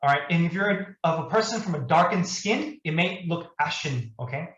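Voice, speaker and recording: Animated male trainer in a roomy hall. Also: on the high side, moderate pace. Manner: animated, keeps checking in with the audience. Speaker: overdose prevention trainer. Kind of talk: live training talk. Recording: roomy, dull lo-fi room recording.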